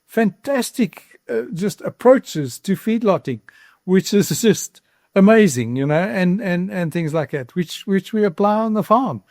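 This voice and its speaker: A farmer in his sixties with a South African accent tells his story earnestly in an interview, occasionally repeating a word and catching with emotion when moved. His voice is high-pitched, animated and a little mellow, and he speaks unhurriedly. The recording is dry, with clean studio sound.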